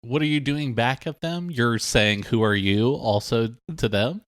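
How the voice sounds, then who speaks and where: A man's voice: medium pitch, lively intonation, measured pace, dry recording, clean studio sound. A man co-hosting a comedy podcast, playfully egging on the bit with mock questions. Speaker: podcast co-host. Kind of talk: improvised comedy chat.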